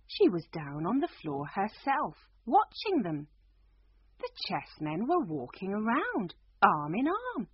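Expressive, sing-song woman reading a storybook. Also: fairly low pitch, measured pace, husky, dry recording. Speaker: narrator. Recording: dull lo-fi recording.

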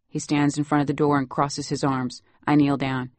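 A woman narrating a novel in the first person, wry and lively. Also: sits low, moderate pace, few pauses, dry recording. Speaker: audiobook narrator.

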